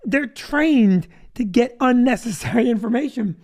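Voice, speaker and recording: A man's voice: very high voice, lively intonation, unhurried, a little mellow. A middle-aged man, a comedian hosting a live stream, chatting casually with joking asides. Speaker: comedian host.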